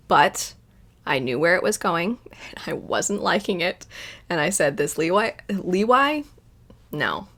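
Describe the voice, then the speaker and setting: A woman's voice: medium pitch, a bit bright. Young woman, casual anime reaction host, emotional and rambling, mid-range voice. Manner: emotional, rambling, quotes scenes in little voices.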